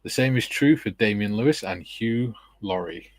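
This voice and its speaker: On the low side and expressive, this man's voice moves at a moderate pace in a dry recording. He's a middle-aged scale modeller running a laid-back livestream, reading viewer comments aloud and joking around with friends.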